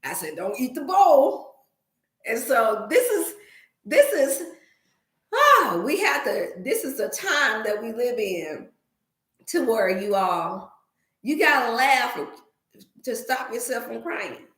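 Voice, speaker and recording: Woman, wellness host, casual storytelling, fairly high voice, echoey room. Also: slow. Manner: storytelling, animated, laughing often, preachy asides. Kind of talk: casual livestream talk.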